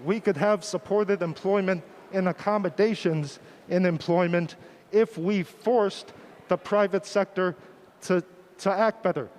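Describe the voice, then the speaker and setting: A man's voice: high voice, unhurried, darkish tone, slight background noise. A man giving an impassioned, rousing speech at a community assembly. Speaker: speaker at an assembly.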